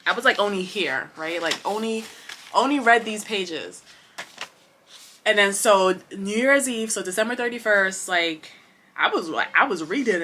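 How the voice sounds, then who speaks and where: A woman chatting to camera about books she read, rambling with many fillers and restarts, passionate and expressive. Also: medium pitch, a little hiss or hum. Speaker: booktuber. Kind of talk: casual chat to camera.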